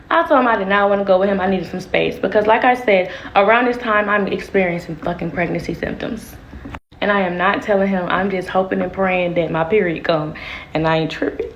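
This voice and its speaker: A woman telling her viewers a personal story in a candid, slangy, animated way. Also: mid-range voice, reverberant, slight background noise. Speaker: storytime vlogger. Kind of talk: casual storytime monologue.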